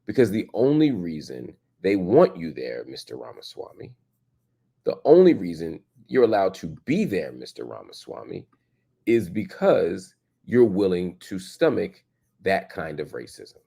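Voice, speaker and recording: A man's voice: low-pitched, very animated, unhurried, vocal fry, mellow, husky. A man hosting a reaction commentary, emphatic and repeating his points for stress. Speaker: show host and commentator. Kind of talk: reaction commentary on a played clip.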